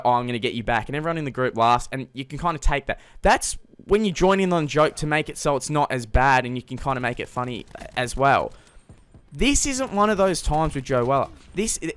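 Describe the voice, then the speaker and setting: Heated man ranting, higher voice. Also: fairly bright tone, smooth. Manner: blunt, heated, lots of "like" fillers. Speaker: YouTube commentator. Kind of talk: casual rant vlog.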